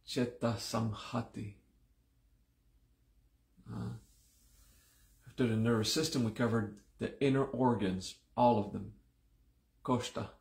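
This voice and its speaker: Slow, gravelly man teaching a class. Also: medium pitch, steady tone, darkish tone, echoey room. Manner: slow and deliberate, repeating terms several times; just woken up, groggy. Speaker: yoga teacher. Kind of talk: live-streamed class teaching.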